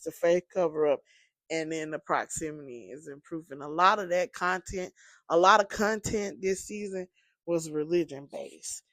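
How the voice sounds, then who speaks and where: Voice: medium pitch, no room sound, studio quality. A sleepy, yawning podcast host and apostle, rambling conversationally through a casual solo monologue with many fillers.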